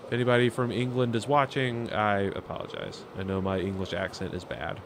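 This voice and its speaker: Speaking briskly in a steady, lowish voice, a man streams a game live amid background noise and faint game music. He thinks aloud in a rambling way, leaning on fillers and tossing chatty, self-mocking comments to his audience.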